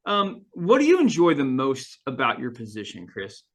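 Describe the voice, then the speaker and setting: A man hosting a podcast, asking relaxed open questions with a few fillers. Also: mid-range voice, moderate pace. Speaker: podcast host. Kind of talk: casual interview.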